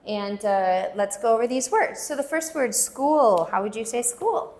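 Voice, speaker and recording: A woman teaching a language lesson, patiently repeating words slowly so learners can follow. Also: on the high side, expressive, a little mellow. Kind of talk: slow pronunciation lesson.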